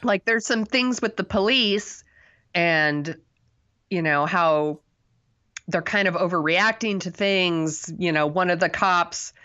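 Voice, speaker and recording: Her fairly low voice comes across pushed and bright, and she speaks slowly; the audio sounds dull. She co-hosts a podcast and rambles casually through a movie review, using lots of fillers and laughing at herself.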